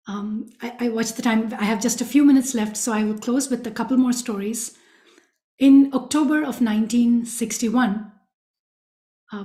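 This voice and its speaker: Woman telling devotional stories, kinda high voice but mellow, earnest, talks right to the audience, roomy echo. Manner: earnest, addresses listeners directly. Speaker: devotional speaker. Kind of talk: storytelling talk. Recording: echoey room.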